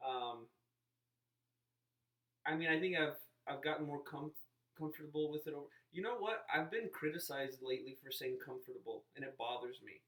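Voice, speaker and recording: A man's voice: a little high, animated, normal speed, a bit bright, roomy sound, distant mic. A man talking to camera in a casual, rambling vlog, often breaking off mid-sentence and acting out what other people say. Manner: rambling, self-interrupting, playfully mimics others. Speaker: vlogger. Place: inside a parked car.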